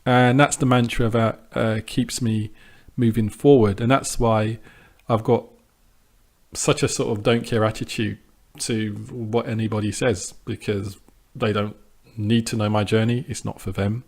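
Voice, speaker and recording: A man with a fairly low voice talks through his trading project in a loose, unscripted way. He hesitates a lot, circles back on his words, and sounds defiant and dismissive of doubters. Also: little pitch movement, measured pace, darkish tone. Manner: conversational with frequent ums and restarts. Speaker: sports trader vlogger. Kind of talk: casual monologue to camera.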